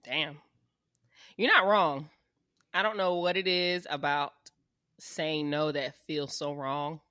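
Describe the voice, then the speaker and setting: A low-pitched woman talks in frank, profane casual chat, her voice bright and ringing yet lively in its ups and downs. The sound is close and dry, with no room around it. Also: slow, no room sound. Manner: frank, profane, laughing often. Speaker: podcast co-host.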